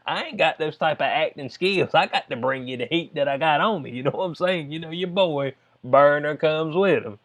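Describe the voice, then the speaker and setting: With a fairly high, fairly bright voice, he talks at a moderate pace with few pauses. This Southern US vlogger reads bits of a news story aloud and comments loosely, frequently adding "you know what I'm saying."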